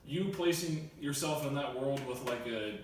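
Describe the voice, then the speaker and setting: A young man musing about movies in a relaxed, casual roundtable chat. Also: mid-range voice, normal speed. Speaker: film reviewer. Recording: echoey room, distant mic, faint hiss.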